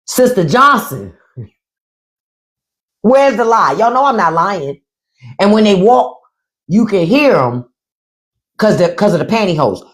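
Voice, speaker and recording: A woman hosting a live stream in casual comedic chat, loud and playful, swearing and swinging her voice from high to low. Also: very animated, unhurried, long pauses. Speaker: podcast host on a live stream. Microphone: phone or desk mic on a live stream.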